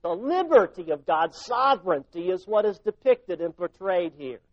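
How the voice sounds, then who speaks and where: High-voiced man preaching with dramatic dynamics. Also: lively intonation, normal speed, no room sound, muffled recording. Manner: dynamic preaching, drops to near-whispers and rises to loud emphasis. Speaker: pastor. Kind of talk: sermon.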